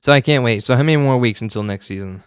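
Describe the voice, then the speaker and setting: A man's voice: medium pitch, quick pace, clear, resonant tone, no room sound, studio quality. A man co-hosting a podcast, eager and blunt, who swears casually in chat. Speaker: podcast co-host.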